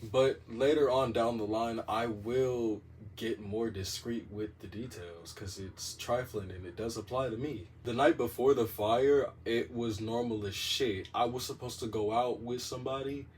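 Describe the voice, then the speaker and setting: A man telling a story in a casual monologue, animated and profane, with a dramatic delivery. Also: mid-range voice, a little slow, far from the mic, slight background noise.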